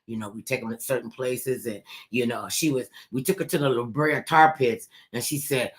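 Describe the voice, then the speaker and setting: A woman radio host telling a family story with lively, animated delivery, acting out the voices of relatives. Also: rumbling low, normal speed, hardly any pauses. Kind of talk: storytelling on a talk show.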